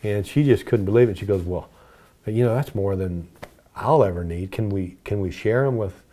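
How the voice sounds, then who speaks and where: Warm, low-voiced older man recounting memories. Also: normal speed. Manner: earnest, animated when quoting dialogue. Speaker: interview guest. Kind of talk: personal storytelling.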